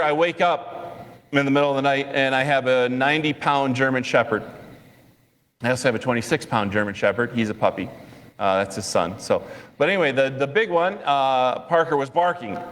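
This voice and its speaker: A man preaching a sermon, relating a personal story with lively asides and chuckles. His voice sits in a middle pitch and carries the long reverb of a church sanctuary. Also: normal speed. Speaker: pastor.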